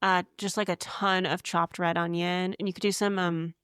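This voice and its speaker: A young woman with a light Pacific Northwest accent and a nasal, lower-pitched voice co-hosts a podcast. She chats in a playful, easygoing way. The sound is dry and close-miked. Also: flat delivery, normal speed, fairly bright tone, clear, resonant tone, no room sound. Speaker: podcast co-host. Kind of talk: casual chat.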